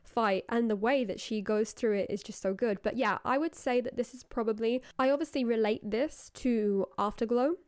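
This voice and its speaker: A woman's voice: fairly high pitch, moderate pace, hardly any pauses, clear, resonant tone, no room sound, studio quality. A woman in casual podcast chat, enthusiastically analyzing song lyrics and their metaphors.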